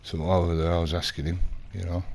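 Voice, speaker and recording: Gravelly deep-voiced man. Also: flat delivery, rapid-fire, darkish tone, a little hiss or hum. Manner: rambling, indignant anecdote telling with acted quotes. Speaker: gaming vlogger. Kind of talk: casual in-character gameplay storytelling.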